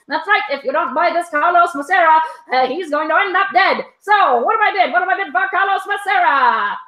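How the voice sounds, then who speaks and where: A brash 1920s auctioneer rattles off bids in a rapid, showy sales patter, as a woman puts him on. The voice sits very high and sounds sharp and bright. The room around it is echoey. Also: animated, exaggerated voice. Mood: hamming. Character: brash fast-talking 1920s auctioneer, hamming it up.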